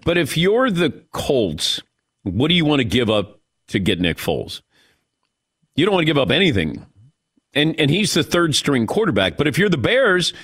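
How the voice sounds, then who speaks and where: Animated man hosting sports talk. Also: medium pitch, breathy edge, dry recording, clean studio sound. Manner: animated, mimics players with mock voices. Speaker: sports talk show host.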